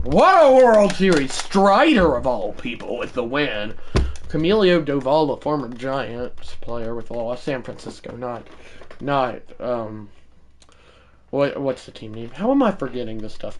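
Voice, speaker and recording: A man calling his own baseball video game like a broadcaster, shouting on big hits and rambling in self-mocking asides between plays. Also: mid-range voice, a little hiss or hum. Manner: mock broadcaster calls that burst into shouting. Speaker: gaming streamer. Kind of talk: casual play-by-play of a video game.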